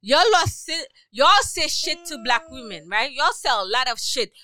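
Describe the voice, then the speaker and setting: A woman's voice: high-pitched, lively intonation, normal speed, bright, forceful tone. A woman in a heated casual debate, blunt and talking over the others.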